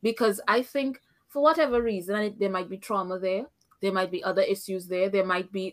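A woman's voice: medium pitch, brisk. A woman co-hosting a casual reality-show recap, speaking her opinions firmly, thinking aloud and laughing often. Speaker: podcast co-host.

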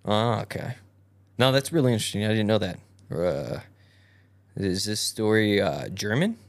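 Low voiced guy reading a fairy tale on a podcast, lively, stumbles on old wording. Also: normal speed. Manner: animated, stumbling over old-fashioned wording. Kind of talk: casual storytelling read-aloud.

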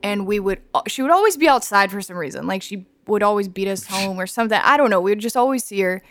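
Chatty young woman telling a story. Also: fast. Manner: animated storyteller, acts out high-pitched voices in her stories. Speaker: podcast guest. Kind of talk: casual podcast chat.

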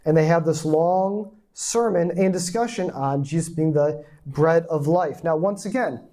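A man's voice: on the high side, dark tone. A man preaching a sermon in a conversational teaching manner, with rhetorical asides and quoted lines done with mock indignation. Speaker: pastor.

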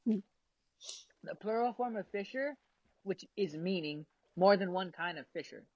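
A woman's voice: medium pitch, expressive, unhurried, darkish tone, no echo, rough recording. A young woman vlogging casually, rambling with lots of fillers and frequent giggles while she eats. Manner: eating while talking. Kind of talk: casual chat.

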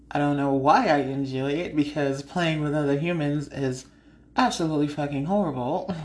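A woman hosting a podcast, chatting casually and frankly, laughing often and acting out conversations. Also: sits low. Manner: frank, laughs often while telling stories; animated, acts out her own side of conversations. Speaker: podcast host. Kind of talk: casual chat.

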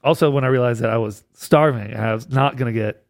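A man swaps bartending and comedy stories in a casual podcast chat. His voice sits at an ordinary middle pitch, and he rambles with restarts and laughs running through the tale. The recording is dry and close, with no room echo. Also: fast talker.

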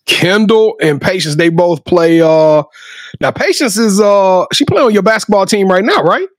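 A man's voice: sits high, expressive, moderate pace, no room sound, clean studio sound. A man hosting a sports podcast, talking in a casual, effusive, slangy hype style. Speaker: podcast host.

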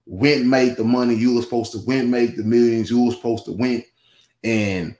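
A man's voice: medium pitch, fairly even intonation, moderate pace, a little mellow. A man talking in a casual podcast conversation, rambling with many restarts and asides. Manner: rambling, with many restarts and "you know what I'm saying". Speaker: guest. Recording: roomy echo.

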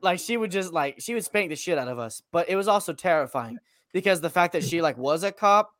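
Lively high-voiced man, dry close sound. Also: a little fast, no room sound. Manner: rambling, full of fillers and swearing. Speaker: co-host. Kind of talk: casual chat.

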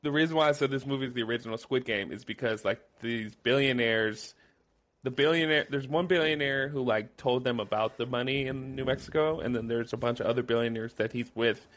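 A man's voice: mid-range voice, brisk. A young man co-hosting a podcast, casually explaining a movie and laughing along with his co-host. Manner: relaxed, chimes in, laughs along. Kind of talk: casual chat recapping movie quotes.

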